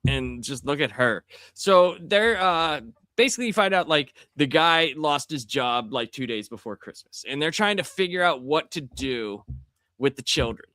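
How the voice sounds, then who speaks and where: A man hosting a casual comic book review podcast, talking in an animated way and reacting loudly with disgust. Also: fairly high pitch, normal speed, no echo, studio quality. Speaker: podcast host.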